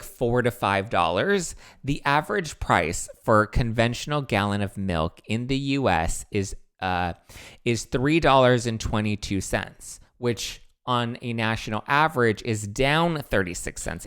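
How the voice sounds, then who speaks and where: A male host rambles through pop-culture gossip in a relaxed, chatty way and drifts into side comments. His voice sits on the low side and sounds clean and resonant. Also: clear, resonant tone. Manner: chatty, rambling with asides and fillers.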